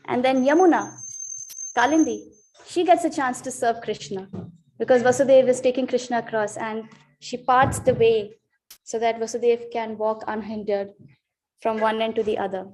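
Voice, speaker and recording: A woman with a fairly high voice teaches a devotional class in a temple. She tells a sacred story and gives the figures in it heartfelt, emotional voices. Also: fairly even intonation, moderate pace, warm tone. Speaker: class speaker.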